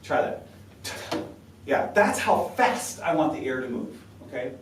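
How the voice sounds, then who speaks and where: A man's voice: medium pitch, sing-song, measured pace, noisy background. A man coaching a saxophone quartet, talkative and encouraging, sounding out syllables to demonstrate. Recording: roomy sound from a distance with faint ambience.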